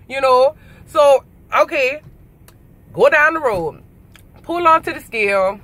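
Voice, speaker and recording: A woman truck driver telling a story in a casual vlog, acting out the people she met in an animated way, frank and joking. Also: sits high, measured pace, pauses often, no echo. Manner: animated, acts out conversations in her retelling; frank and joking, with mild swearing.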